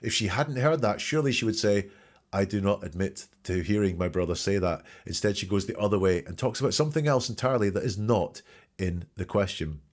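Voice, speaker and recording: A man with a fairly low voice talks briskly as host of a show that picks apart trial testimony. His spoken commentary is emphatic and questioning, and he repeats key words.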